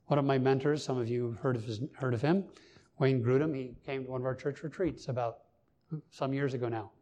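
A man's voice: medium pitch, fairly even intonation, a little fast, dark tone. A male pastor giving a sermon in an earnest, emphatic way, lifting his voice on key points. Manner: earnest, emphatic preaching with rising stresses.

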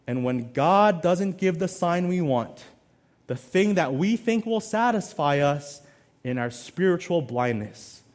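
A male pastor preaching a sermon, swinging between loud emphasis and quiet, low asides. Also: lively intonation, measured pace.

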